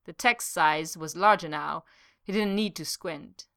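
A woman reads a story aloud in a fairly low voice with a bright, forceful tone. Her narration is expressive and animated. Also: a little slow, clear, resonant tone, no room sound, studio quality. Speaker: story reader.

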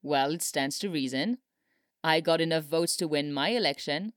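A woman's voice: low voice, normal speed, dry recording, lightly acted. A woman voicing a dry-humored older male president, speaking solemnly with a wry edge, in a storybook reading.

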